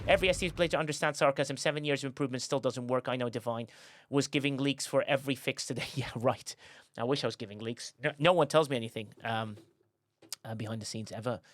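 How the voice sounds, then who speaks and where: A man's voice: medium pitch, quick pace, a bit bright. A man hosting a casual live stream, joking sarcastically and reading out viewer comments. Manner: joking, sarcastic, reads chat aloud. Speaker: streamer host.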